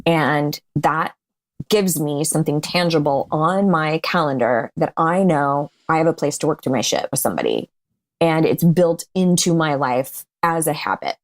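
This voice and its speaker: A woman's voice: sits low, expressive, moderate pace. A woman speaking as a podcast guest in casual interview chat, candid and laughing often. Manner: candid, laughs often, restarts mid-sentence.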